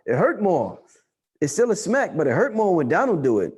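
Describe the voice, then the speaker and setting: A New man chatting casually on a livestream, loose and profane, repeating himself for emphasis. His voice sits a bit high but sounds dark and mellow. He swings from low mutters to excited peaks. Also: moderate pace, slightly rough. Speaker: livestream host answering chat.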